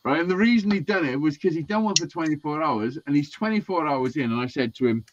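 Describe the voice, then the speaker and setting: Sweary bloke telling a story. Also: male voice, fairly high pitch, fast talker, hardly any pauses, a little hiss or hum. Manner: sweary, animated, acts out quotes. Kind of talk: casual storytelling chat. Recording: dull lo-fi sound.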